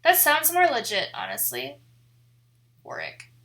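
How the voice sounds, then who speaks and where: A young woman from the American Midwest, chatting casually on a live stream in a rambling way, full of "like" and quick laughs. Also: a little high, expressive, pushed and bright. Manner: chatty and rambling, heavy use of "like", laughs often. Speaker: photography streamer.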